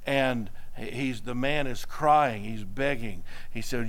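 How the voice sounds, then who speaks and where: A man's voice: medium pitch, slow, few pauses. A man preaching a sermon, telling a story and building to emphatic exhortation. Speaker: pastor.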